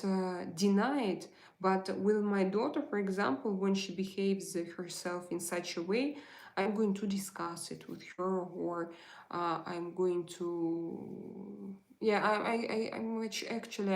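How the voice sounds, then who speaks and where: A woman, chatting frankly on a live stream and answering viewer comments, halting often to restart her sentences. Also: medium pitch, creaky, a little mellow. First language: Russian.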